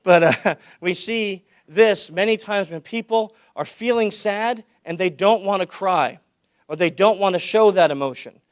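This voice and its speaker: A man giving a conference talk. He tells stories and projects loudly, then drops his voice low for the anecdotes. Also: a little slow, smooth, no room sound, studio quality. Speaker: conference speaker. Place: conference hall.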